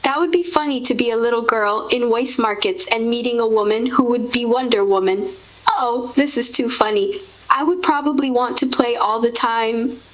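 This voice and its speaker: A woman talks in a soft, gushing, sentimental way as she reminisces with her partner. Her voice sits a little high. The recording is dull and lo-fi. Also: normal speed. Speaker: co-host. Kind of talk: casual reminiscing chat. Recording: dull lo-fi sound.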